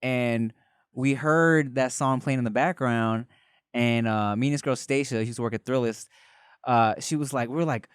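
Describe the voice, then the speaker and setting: A man hosting a podcast, chatting casually and telling stories, loud and animated, often slipping into put-on voices. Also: medium pitch, normal speed, clean tone, no echo, clean studio sound. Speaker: podcast host. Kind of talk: casual comedic chat.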